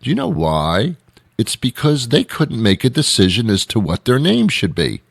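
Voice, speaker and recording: A man's voice: mid-range voice, wildly swooping pitch, moderate pace, creaky, no echo, clean studio sound. A male show host giving a rambling, sarcastic comedic monologue with mock outrage. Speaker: radio host.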